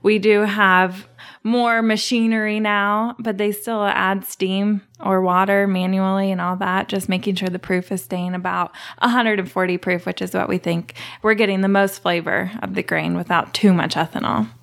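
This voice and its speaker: A woman's voice: mid-range voice, level tone, moderate pace, gravelly, a bit bright. A woman as a guest on an interview show, talking casually about her work. She explains things in detail, with some fillers along the way. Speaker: distillery guest.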